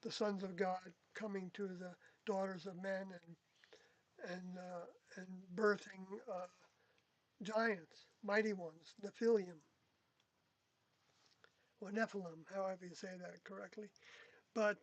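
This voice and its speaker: A speaker in an unscripted reflective monologue, talking haltingly with many pauses and self-corrections as they look back on their time in a group. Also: mid-range voice, flat delivery, rough recording. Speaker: former group member recounting experiences.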